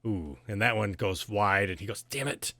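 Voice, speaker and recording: Guy gm running a dnd session on a call, kinda low voice, bright edge, dry sound, lots of ums. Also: no echo. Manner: casual, halting, many fillers. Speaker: game master. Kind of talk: narrating a tabletop game.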